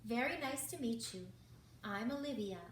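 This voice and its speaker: A woman's voice: fairly high pitch, expressive, moderate pace, slight background noise, natural voice. A woman voicing a kind, friendly grown-up mother snake. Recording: roomy, from far off.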